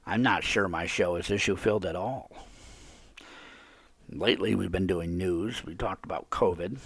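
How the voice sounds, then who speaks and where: A man's voice: deep voice, normal speed, vocal fry, fairly bright tone, slightly rough, dry recording. A man hosting a live call-in podcast, ranting indignantly and repeating himself. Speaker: podcast host.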